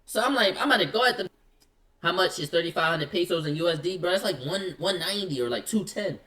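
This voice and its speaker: A man telling a story in casual slang, acting out both sides of an argument in quick quoted lines. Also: high-pitched, lively intonation, pushed and bright.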